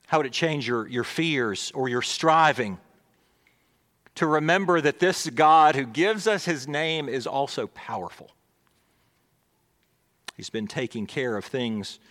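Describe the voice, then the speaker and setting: A male pastor preaching a sermon, swinging between emphatic, raised lines and hushed, near-whispered ones. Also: mid-range voice, in a large hall.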